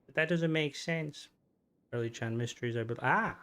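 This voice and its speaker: A man streams a video game and rambles casually to his viewers, swearing freely and drifting between topics. His voice sits at an ordinary middle pitch for a man. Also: normal speed, bright, forceful tone, clear, resonant tone. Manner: rambling, profane, chatting with viewers. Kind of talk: casual live-stream chat.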